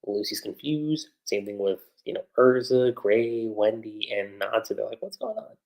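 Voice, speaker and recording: A man hosting a livestream, recapping an anime episode in a chatty, animated way, with lots of fillers. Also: lowish voice, measured pace, gravelly, low-quality recording. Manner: animated retelling with frequent fillers. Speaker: anime reviewer.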